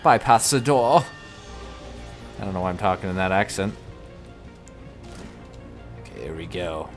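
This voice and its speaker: Brief: low-voiced male gamer, chatty let's-play talk, jumpy. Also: steady tone, normal speed, faint music behind. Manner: chatty, shouts and yelps when startled. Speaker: gamer playing through a game. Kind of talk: casual let's-play commentary.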